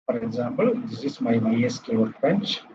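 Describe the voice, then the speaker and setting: A man's voice: mid-range voice, animated, a little fast, dark tone, highs cut off. A man with an Indian English accent teaching a live coding lecture. He repeats terms and checks in with "right?" after each step.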